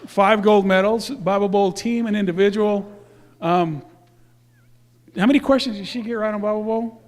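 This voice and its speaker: A man whose voice sits high speaks at a moderate pace to a church congregation. He hands out youth awards casually and ramblingly, full of fillers and self-corrections.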